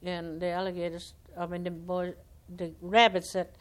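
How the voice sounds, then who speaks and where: A woman's voice: on the low side, flat delivery, moderate pace. A woman telling animal folktales aloud in a homespun, conversational way, acting out the characters' lines. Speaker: storyteller.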